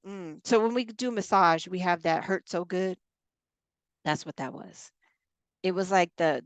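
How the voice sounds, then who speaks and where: A woman coach and ministry leader talking casually to a small group. She tells stories in a lively way and acts out the conversations she retells. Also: lowish voice, no room sound. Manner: animated storyteller who re-enacts conversations.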